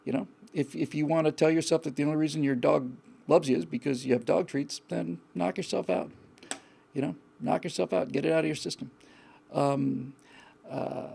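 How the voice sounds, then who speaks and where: A man's voice: fairly high pitch, creaky, dark tone, slightly rough. A man hosting a live call-in show, giving blunt, frank advice in a rambling way with many restarts. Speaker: host.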